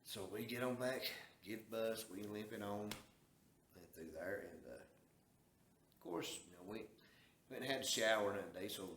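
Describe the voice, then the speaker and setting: A man's voice: fairly low pitch, normal speed, pauses often, a bit bright. Man, from the southern US, folksy drawling storyteller, echoey room, faint background hum. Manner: folksy, drawling, acts out quoted dialogue. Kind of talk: casual storytelling.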